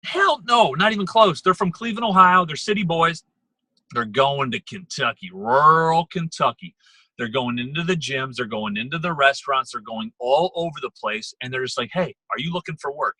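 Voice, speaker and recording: Man, motivational team talk, emphatic and repetitive, bright sharp tone, slightly husky. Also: mid-range voice, lively intonation, dry recording, low-quality recording. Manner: fast, emphatic, repeats words, coaching tone. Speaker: sales manager giving a team call. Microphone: phone or computer call.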